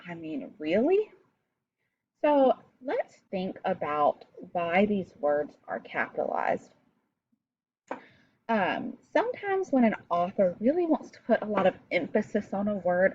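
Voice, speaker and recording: A woman's voice: mid-range voice, muffled recording, a little hiss or hum. A woman teaching a recorded reading lesson, explaining step by step and talking directly to her pupils.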